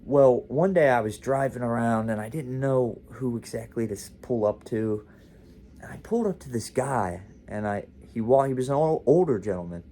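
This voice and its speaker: A man's voice: medium pitch, expressive, normal speed, mellow, a little hiss or hum. Rambling man telling a story. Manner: rambling, with frequent "like" and self-interruptions. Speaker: vlog host. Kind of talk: casual storytime monologue.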